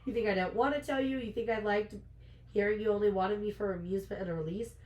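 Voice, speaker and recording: A powerful, brooding high lord confesses what he has long kept hidden, as a woman reads his lines from a novel. The voice is pitched a little lower than a plain reading. The room is roomy and echoing. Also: steady tone, quick pace, darkish tone, close to an everyday voice. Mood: pained. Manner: read aloud from a novel. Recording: roomy echo.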